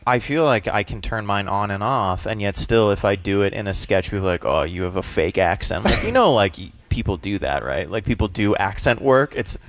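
A man from the Boston area with a light Boston accent, a comedian guest chatting in an animated, jokey way. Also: lowish voice, no room sound. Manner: animated, jokey, quick bursts. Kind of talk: casual interview chat.

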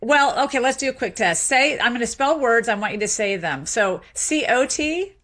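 A woman, a sociolinguist, explaining speech and accents as a guest in a radio interview. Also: on the high side. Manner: lively explaining, quick asides.

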